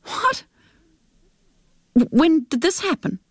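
A woman voicing a resentful grown son in a spoken story, bitter and accusing, with slow, lightly raised delivery. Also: high voice, sing-song, no echo, studio quality, voice pushed up, heavily acted.

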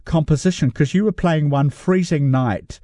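A man's voice: on the high side, moderate pace, dark tone, no room sound, studio quality. A man from New Zealand interviewing a guest, asking long, polite questions. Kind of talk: broadcast interview.

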